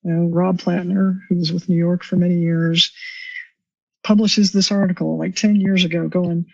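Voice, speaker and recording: A woman's voice: fairly low pitch, fairly even intonation, normal speed, vocal fry, dry recording. A woman guest on a podcast, explaining policy at length and in a thoughtful way. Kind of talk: explanatory interview talk. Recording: distant, slightly dull remote recording.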